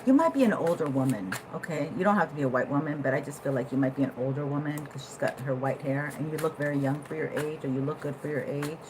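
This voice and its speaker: Woman, lower voice, chatty tarot reader, swings between hushed musing and loud laughing outbursts; faint room hum behind. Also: quick pace, hardly any pauses. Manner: animated, laughing, swings from low musing to loud excited bursts. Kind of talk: casual tarot reading to camera.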